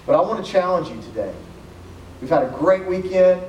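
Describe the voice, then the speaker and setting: A man with a somewhat high voice gives a casual camp sermon, reading scripture and breaking off for jokes. He sounds far from the microphone in a roomy, echoing hall, with a faint hiss of noise underneath. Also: animated, a little fast, highs cut off. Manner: joking, conversational, reads scripture aloud with asides. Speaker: camp speaker.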